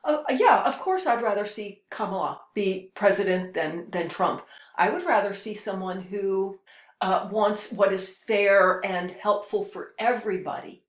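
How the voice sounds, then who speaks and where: A woman's voice: medium pitch, unhurried. Woman spiritual host, mid-range voice, rambling delivery, reverberant room. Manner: rambling, with frequent restarts and hesitations. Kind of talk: casual spiritual monologue.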